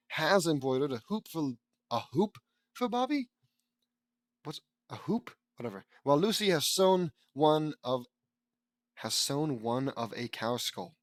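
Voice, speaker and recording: A young man reading a fan fiction audiobook aloud, stumbling over words and mocking the text in casual asides, louder on character lines. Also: mid-range voice, dry recording. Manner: flat tags, bursts louder on character lines.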